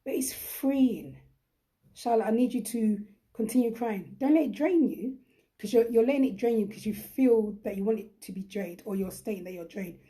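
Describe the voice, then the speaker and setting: A woman's voice: on the high side, lively intonation, normal speed, warm tone. A young woman hosts a live chat with viewers, talking in a chatty, emphatic and encouraging way. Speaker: host.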